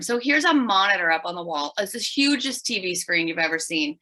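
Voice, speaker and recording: A middle-aged woman, a podcast guest, telling her story in an animated, emphatic way. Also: medium pitch, brisk, few pauses, poor audio. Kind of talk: storytelling in an interview.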